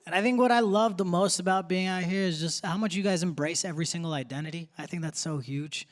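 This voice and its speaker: A man's voice: high-pitched, quick pace, big-room sound. A young man doing a stand-up set on a theater stage, with a punchy, conversational delivery. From grew up in Texas. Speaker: stand-up comedian. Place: theater stage before a live audience. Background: audience laughter.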